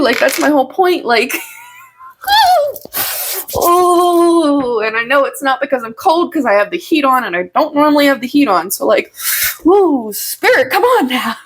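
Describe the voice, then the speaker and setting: A woman in her own room giving a casual, heartfelt channeled message to her viewers as a tarot reader, with lots of fillers and soft giggles. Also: sits high, noisy background.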